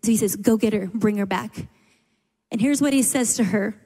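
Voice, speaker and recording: A woman's voice: mid-range voice, normal speed, mellow, slightly rough. Lady preacher telling a bible story, earnest, echo from a big hall. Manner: storytelling, earnest, rising with emphasis. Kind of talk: sermon. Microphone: handheld microphone. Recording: reverberant hall.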